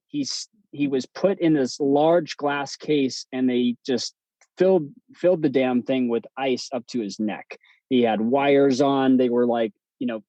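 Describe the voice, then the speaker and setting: Relaxed, mellow-voiced man telling stories. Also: mid-range voice, dry recording, highs cut off. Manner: relaxed, chatty, many fillers and restarts. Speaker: podcast guest, breathwork instructor. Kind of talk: casual storytelling interview.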